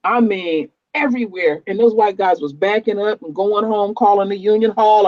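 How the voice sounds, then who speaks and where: Man, heated animated storytelling, muffled dry call audio. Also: high-pitched, normal speed, no room sound. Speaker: construction worker, panel guest. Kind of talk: casual online discussion.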